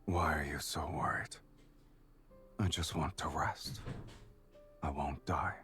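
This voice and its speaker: An actor voicing a teasing adult male dragon lover in a video game, in a soft, half-whispered, intimate tone. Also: rumbling low, fairly even intonation, takes it slowly, faint music behind, full character voice. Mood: tender.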